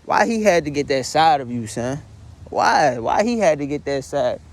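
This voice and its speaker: A man's voice: a little high, big pitch swings, moderate pace. A young man, tearfully venting in a profane, repetitive confessional monologue from his bedroom. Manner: distraught, addresses listener as "son" constantly, profane, repetitive. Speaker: vlogger.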